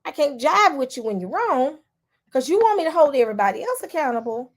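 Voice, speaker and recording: Her voice sits high and sing-song, and she moves briskly through casual commentary as a vlogger talking straight to her viewers. She is emphatic and repetitive, restarting her sentences again and again.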